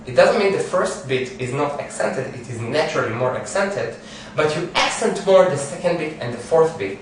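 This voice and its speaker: A man's voice: fairly high pitch, recorded from a distance, slight background noise. Man teaching piano in an echoey room. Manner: counts beats and sings phrases while explaining. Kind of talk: piano lesson.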